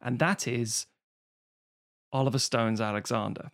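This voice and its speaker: A man's voice: mid-range voice, fairly even intonation, measured pace, fairly bright tone. A man chatting casually as a podcast co-host, rambling and swearing freely. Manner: rambling, swears freely, slips into mock voices. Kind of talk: casual chat.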